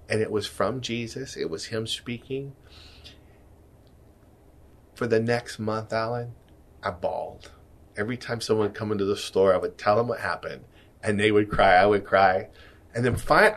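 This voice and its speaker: A man in his fifties, a guest giving an earnest, emotional personal faith testimony, often dropping soft. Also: fairly low pitch, animated, normal speed. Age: 50s. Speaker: guest, jewelry business owner.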